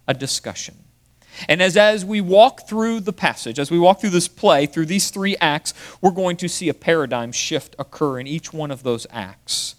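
A man preaching a sermon to his congregation, speaking straight to them and swinging from raised, emphatic phrases to slow, hushed ones. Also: on the high side. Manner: addresses the congregation directly. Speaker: pastor.

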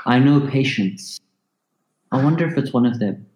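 A man playing a tabletop game in character, joking in a deadpan way. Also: medium pitch, normal speed, reverberant, rough recording. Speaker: player.

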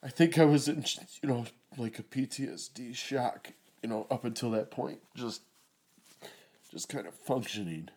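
A middle-aged man slowly telling a painful personal story, with nervous laughs and a voice that rises when the story grows tense. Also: medium pitch, darkish tone. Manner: slow, emotional retelling with nervous laughs.

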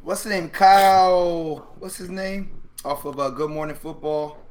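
A man's voice: fairly high pitch, a little slow. A man co-hosting a casual sports chat, telling stories with energy, acting out players' reactions and laughing often. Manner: animated storytelling, acts out players' reactions. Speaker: sports podcast co-host.

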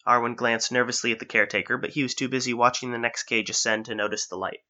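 Bright-voiced man narrating an adventure story. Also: mid-range voice, steady tone, fast, dull audio. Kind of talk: audiobook-style story narration.

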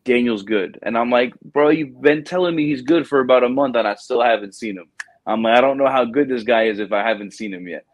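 A man hosting a casual chat, telling a recruiting story with lively acted-out quotes and plenty of "bro". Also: mid-range voice, a little fast, no echo. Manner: animated storyteller, acts out quotes, says "bro". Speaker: podcast host, Marine recruiting staff sergeant.

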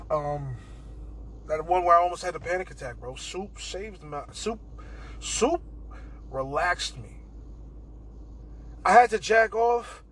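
A young man with a high, bright, tense voice rambles through a casual podcast monologue, swearing freely and tossing in "bro" constantly. A faint hiss sits under the recording. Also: poor audio. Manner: rambling, profane, keeps saying "bro". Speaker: podcast host.

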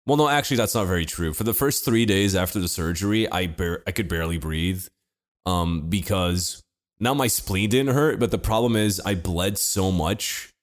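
A man's voice: deep voice, moderate pace. A young man telling a story in casual chat, rambling with restarts, swearing and laughing as he goes.

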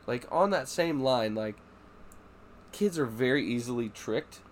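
A man's voice: medium pitch, lively intonation, measured pace. A man hosting a casual podcast, swearing freely and acting out his kids' voices in stories. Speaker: podcast host. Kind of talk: casual chat.

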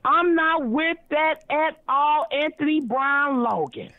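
Woman caller, high voice, gushing and rambling, tinny phone-line sound. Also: slow pace, no room sound. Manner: effusive, rambling, many ums and restarts. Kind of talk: excited phone call to a talk show.

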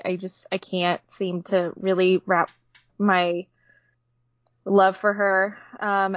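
A woman with a low, flat voice talks about a film on a podcast. She hesitates and restarts often. The sound is dull and dry, with no room in it. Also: no room sound. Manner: hesitant, many ums and restarts. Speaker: podcast co-host. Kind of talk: casual movie review chat.

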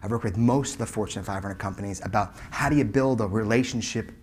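A man in his forties telling a customer service story as a keynote speaker, emphatic, swinging between loud punches and hushed asides. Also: lowish voice, fast, husky.

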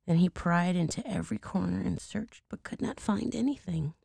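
A hoarse woman reading a bedtime story aloud in a slow, measured way, dropping into hushed asides. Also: fairly low pitch, no room sound, studio quality.

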